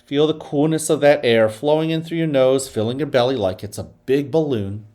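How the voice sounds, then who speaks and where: A man speaking as a school principal, giving morning announcements to students and leading a guided breathing exercise in a slow, soothing way. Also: medium pitch, mellow.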